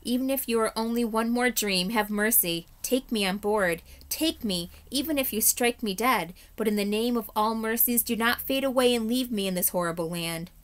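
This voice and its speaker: A man's voice: high-pitched, steady tone, normal speed. A woman doing a frantic terrified stranger. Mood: pleading. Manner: desperate pleading, shouting warnings. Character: terrified wild-eyed stranger man, frantic.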